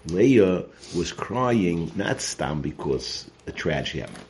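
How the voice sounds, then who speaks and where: A man's voice: deep voice, sing-song, slow pace. A man teaching a weekly Torah portion class, earnest and explanatory, often restarting and repeating his words. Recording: noisy recording.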